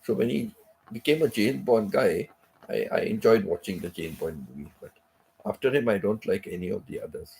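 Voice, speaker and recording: A middle-aged man hosts a live stream in easy, rambling chat, circling back to repeat himself and tossing in frequent asides. His voice sits very low with a gravelly, fry-heavy edge, and he sounds a little under the weather. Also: expressive, moderate pace, a little mellow, a little hiss or hum. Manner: rambling, repeats phrases, many "you know" asides. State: unwell, recovering from sickness. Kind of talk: casual chat.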